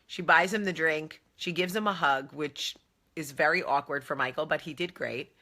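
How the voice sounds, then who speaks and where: A woman in her thirties, a vlog host telling chatty, animated stories about her family. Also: sits low, moderate pace. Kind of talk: casual chat.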